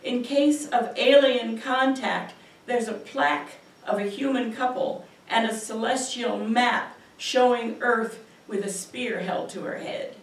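A woman poet giving a measured, expressive reading of her poems in a university auditorium. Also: a little high. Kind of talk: poetry reading. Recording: echoey auditorium from far off.

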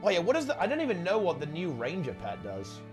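A man's voice: high-pitched, wildly swooping pitch, fast, over music. A man casting a live online game tournament in a chatty, rambling way, often correcting himself mid-sentence. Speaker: esports tournament commentator. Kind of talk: casual live game commentary.

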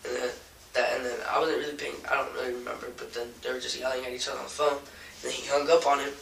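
A young man being interrogated, telling what happened in a halting, rambling way full of restarts, recorded from a distance in a bare room. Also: mid-range voice, little pitch movement, vocal fry, fairly bright tone. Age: young adult. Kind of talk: halting recounting of events. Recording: roomy, from a distance, faint noise.

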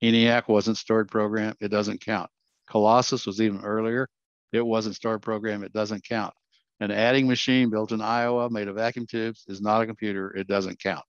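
A man's voice: lowish voice, level tone, normal speed, clean tone, dry recording. Older man giving an earnest slide talk. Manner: earnest, self-correcting storyteller. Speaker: guest speaker. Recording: dull, dry lo-fi sound.

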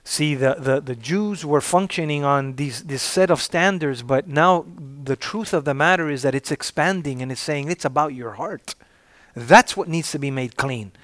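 A man preaching a sermon in a slightly raised pitch, calling out to his congregation for an amen and punching key words with sudden loud emphasis. His voice sounds dry and close. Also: moderate pace, no room sound. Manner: call-and-response, repeating "say amen if you're with me". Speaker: pastor.

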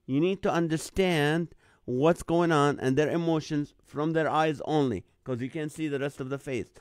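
Animated man telling a comic story. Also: fairly high pitch, normal speed, no room sound, clean studio sound. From Middle East. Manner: animated, acts out other people's lines in a jumped-up voice. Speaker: host of a live online show. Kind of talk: comedic storytelling monologue.

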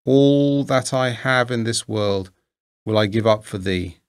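A man voicing a grieving, remorseful king in a storybook reading, with slow, formal old-fashioned speech. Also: on the low side, clean tone, lightly acted. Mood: pleading.

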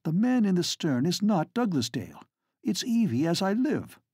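A man voicing an alarmed young gentleman speaking in a hurried, worried rush in an audiobook. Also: high voice, big pitch swings, husky, no echo, studio quality, voice pushed up, heavily acted. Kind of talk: audiobook character voice.

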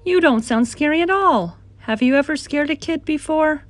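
A woman's voice: sits high, expressive, normal speed, no echo, voice pushed up. A woman voicing a fussy, demanding young boy who questions each monster.

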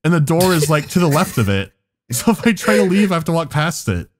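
A man's voice: fairly high pitch, big pitch swings, fairly quick, a little hiss or hum. A man on a podcast telling a story in casual chat, laughing often and swearing as he goes. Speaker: podcast co-host.

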